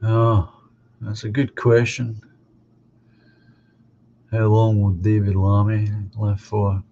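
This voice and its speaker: A man hosting a live stream, chatting casually and giving opinions, halting and restarting as he talks. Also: fairly low pitch, completely flat delivery, warm tone. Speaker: live stream host reading viewer comments. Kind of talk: casual chat. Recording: dull lo-fi sound with faint hum.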